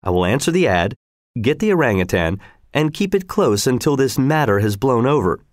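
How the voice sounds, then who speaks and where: A man narrating a story aloud in a steady, measured reading manner. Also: medium pitch, dry recording, clean studio sound. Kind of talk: scripted audiobook narration.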